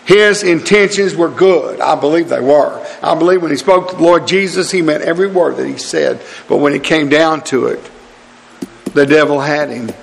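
A man's voice: fairly high pitch, normal speed, vocal fry. A middle-aged man preaching a sermon with fervent, repeated rhetorical questions. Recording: hall reverb.

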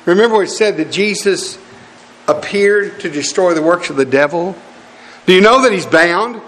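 A man's voice: sits high, lively intonation, moderate pace, a bit bright, big-room sound. A man preaching a sermon in a church, folksy and pleading with his congregation, chuckling as he goes.

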